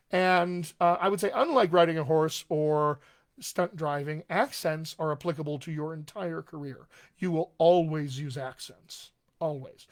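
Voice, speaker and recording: A man coaching actors on accents during a live stream question session. His voice sits a bit above the usual male pitch, and he talks in an encouraging, unscripted way. He leans on frequent fillers between his points. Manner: encouraging and conversational, many fillers. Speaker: dialect coach. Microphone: webcam or desk mic on a live stream.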